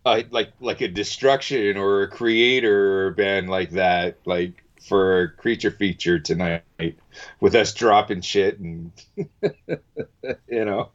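A man's voice: low-pitched, steady tone, slow pace. A laid-back man co-hosting a podcast in casual chat, laughing easily. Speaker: podcast co-host. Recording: dull, lo-fi sound.

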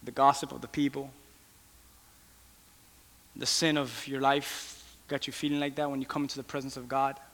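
A man preaching a sermon with impassioned pleas that rise toward shouting. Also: mid-range voice, flat delivery, normal speed, creaky, pauses often. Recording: long hall reverb.

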